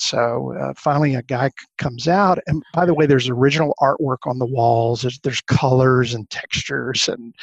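A man with a gravelly, husky voice tells anecdotes as a guest, slipping into the voices of the people he quotes. The sound is dry and a little dull, with no room around it. His pitch sits in the middle range. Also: dry recording. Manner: animated anecdotes, acts out quoted lines. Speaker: guest consultant. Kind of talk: storytelling in a podcast interview.

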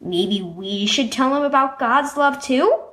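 A woman voicing a gentle, loving father who speaks softly and reassuringly in a children's storybook reading. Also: high-pitched, animated, measured pace. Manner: soft, reassuring.

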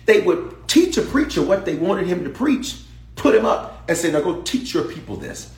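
A male bishop preaches a sermon in a church sanctuary, his very animated voice swooping high and low at normal speed as he calls out and repeats lines to the congregation. He shifts from hushed asides to shouted peaks, with soft music behind him and the room's echo audible.

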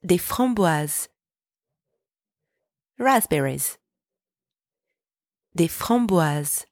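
A woman teaching a podcast French lesson, pronouncing each word slowly and clearly so listeners can repeat after her. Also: on the low side, animated, a little mellow, no room sound, studio quality. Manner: clear, slow, deliberate pronunciation for repeating. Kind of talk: podcast language lesson with repetition drills.

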